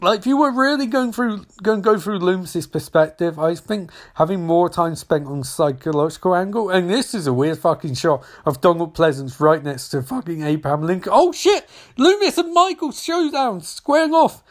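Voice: mid-range voice, fairly quick, hardly any pauses. An adult talking casually and rambling while reacting to a film, swearing often and laughing between remarks. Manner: rambling, profane, frequent fillers and laughing reactions. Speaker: movie watch-along commentator.

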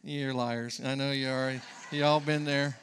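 A man's voice: mid-range voice, little pitch movement, a little slow, fairly bright tone, slight background noise. A pastor preaching a sermon to his congregation, emphatic and conversational, often repeating words and asking the listeners questions.

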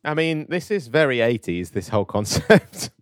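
A man's voice: mid-range voice, very animated, moderate pace, no echo, studio quality. A man co-hosting a comedic podcast chat, asking rambling, incredulous questions and laughing often.

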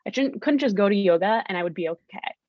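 A woman's voice: medium pitch, animated, fast talker, no echo, muffled recording. A young woman, a podcast guest, candidly telling her story and acting out her past self in quoted lines.

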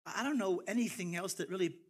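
A middle-aged man from Ireland, his accent softened by years in America, preaches a sermon. His voice sits a little high for a man, and he slows right down and pushes harder on the phrases he wants to land. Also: slightly rough. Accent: Northern Irish, softened by years in America. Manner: passionate, with big swells of emphasis and slowed key phrases. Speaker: pastor.

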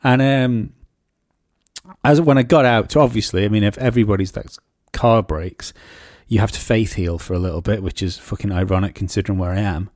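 A man, co-hosting a podcast and telling rambling, sweary stories in casual chat, often jumping into high mocking voices to quote people. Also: fairly quick, darkish tone, no room sound, clean studio sound. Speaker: podcast co-host.

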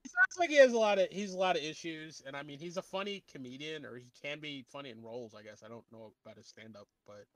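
A man hosting a casual podcast chat, animated and laughing often. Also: a little high, quick pace, few pauses. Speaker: podcast host.

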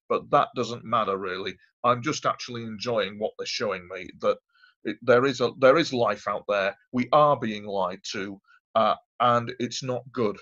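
A man's voice: on the low side, fairly bright tone. A man, a guest telling a long personal story in a rambling, emphatic way, repeating himself. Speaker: interview guest. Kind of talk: casual storytelling. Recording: dull lo-fi audio.

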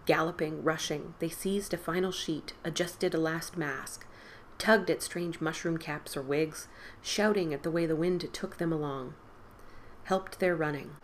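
A woman's voice: low-pitched, fairly even intonation, a little slow, a little hiss or hum. Woman reading a spooky story aloud. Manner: dramatic, drops to whispers and lifts for quoted boys' cries. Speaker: podcast host reading a story.

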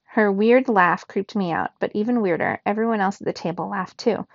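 A woman reading a children's novel aloud in a steady first-person narration. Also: mid-range voice, moderate pace, vocal fry, no echo, highs cut off. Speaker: reader.

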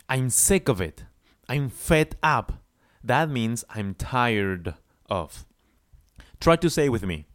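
Slow, clear male English teacher. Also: medium pitch, expressive, no echo, studio quality. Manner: slow, drawn-out example phrases for repetition. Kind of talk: song-based English lesson.

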